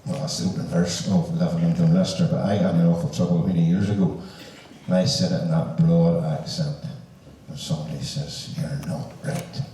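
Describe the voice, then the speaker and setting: A man's voice: deep voice, little pitch movement, fairly quick, mellow, a little hiss or hum. A man with a Northern Irish accent compering a concert on stage, joking and chatty with the crowd. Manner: joking, chatty, puts on broad dialect. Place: large hall with live audience. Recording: echoey hall from far off.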